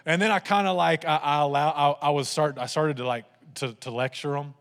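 Male pastor with a higher-than-usual voice, telling lively stories from the pulpit in a big echoing hall. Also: fairly quick, few pauses. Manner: animated, humorous storytelling to a congregation. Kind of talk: sermon with personal stories.

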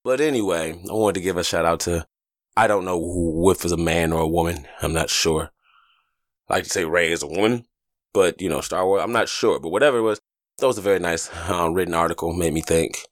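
A man hosting a casual podcast, talking loosely and profanely, telling stories and jumping into high joking voices, while getting over a stomach flu. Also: brisk, no echo, studio quality. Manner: loose, profane, animated storytelling with sudden high jokey voices. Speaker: podcast host. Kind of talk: casual solo podcast monologue.

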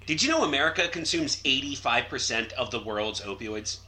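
A man guesting on a podcast, wry and quick with a quip. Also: medium pitch, lively intonation, pushed and bright, a little hiss or hum. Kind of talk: casual podcast chat.

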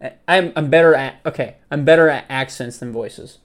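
A man's voice: medium pitch, brisk. A young man co-hosting a casual chat, hesitant and full of restarts, laughing often.

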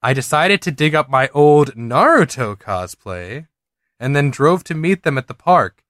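A man's voice: fairly high pitch, animated, measured pace, a bit bright, dry recording, studio quality. A man co-hosting a podcast, reading a listener's story aloud and breaking off with chatty asides. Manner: reads in quotes, breaks off with asides and laughs. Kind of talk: casual chat, reading aloud.

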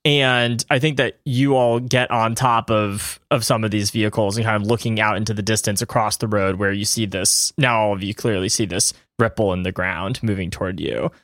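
A man's voice: lowish voice, steady tone, normal speed, hardly any pauses, a bit bright, no room sound, studio quality. A man narrating a tabletop game as game master. He describes scenes in a loose, hedging way, saying "I think" and "kind of" a lot.

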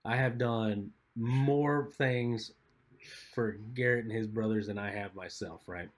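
A man's voice: lowish voice, fairly even intonation, takes it slowly. A man co-hosting a podcast, telling stories in a chatty way with lots of filler words. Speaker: podcast co-host. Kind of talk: casual storytelling chat.

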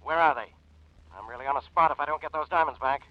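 This is a testy, overworked police inspector, played by a man in a 1940s radio drama. His voice sits fairly high and he snaps in exasperation. The old recording sounds dry and muffled. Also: fast talker, no echo, close to an everyday voice. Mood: exasperated. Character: harried, irritable police inspector.

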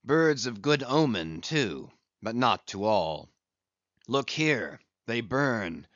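Voicing a brooding, obsessed old sea captain for an audiobook, a man issues commands in slow, weighty, archaic speech with intense passion. His pitch is plain and very animated, and the dry, echo-free recording sounds a bit bright yet slightly dull.

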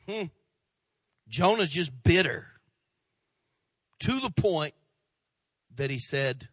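A male pastor preaching a sermon, animated, with swings from loud emphasis to hushed asides and acted-out quotes. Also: a little high, dry recording, clean studio sound. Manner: tells jokes and acts out quoted voices.

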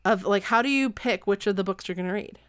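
A woman hosting a podcast in casual chat, talking fast and loose with plenty of fillers and laughs. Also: medium pitch, no room sound, clean studio sound. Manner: chatty, giggly, lots of fillers. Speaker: podcast host.

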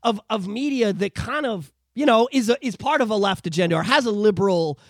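This podcast co-host talks quickly and rants, throwing in swear words constantly. The voice leaps around in pitch and sounds dry and close on the microphone, like casual chat between friends. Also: dry recording. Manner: profane, animated ranting.

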